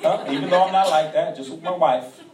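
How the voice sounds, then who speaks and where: A man preaching a sermon as pastor, in a call-and-response style that rises to shouts. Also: on the high side, a little fast, crowd noise. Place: church sanctuary. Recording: echoey church hall from far off.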